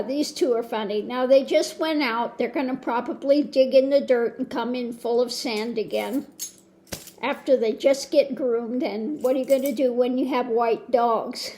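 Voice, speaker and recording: An older woman rambling about her day in a casual, chatty way, with soft laughs here and there. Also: fairly high pitch. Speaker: tarot reader and vlogger. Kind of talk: casual chat.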